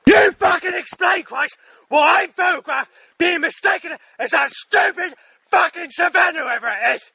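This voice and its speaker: A man in a furious shouting rant, swearing and hurling abuse. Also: extremely high pitch, moderate pace, vocal fry, slight background noise.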